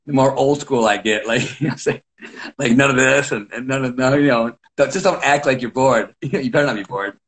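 Middle-aged man, wrestling coach, casual chat, lively storyteller, mid-range voice. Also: medium pitch, moderate pace. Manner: animated storyteller, acts out his own shouts.

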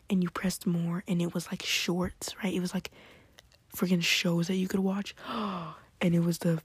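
A woman chatting excitedly in a hushed, whispery late-night ramble at home, trying not to be heard. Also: fairly low pitch, breathy edge, dry recording. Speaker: podcast host.

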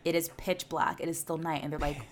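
A woman's voice: low-pitched, a little fast. A woman co-hosting a podcast, retelling a film in a casual, laughing, profane chat. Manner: animated, laughing storyteller, swears freely. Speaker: podcast co-host.

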